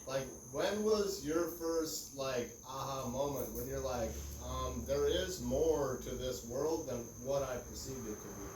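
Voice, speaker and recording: A man's voice: medium pitch, a little slow, few pauses, a little mellow, recorded from a distance. A man hosting a podcast, hesitant with many fillers, prone to laughing. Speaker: podcast host. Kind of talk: casual podcast interview. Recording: echoey room with background crowd noise.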